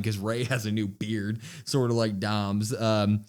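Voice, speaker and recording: A man co-hosting a podcast, chatting casually and recapping matches in an animated way. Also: fairly low pitch, normal speed, hardly any pauses. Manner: animated recapping, acts out quotes. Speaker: podcast co-host. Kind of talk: casual wrestling review chat.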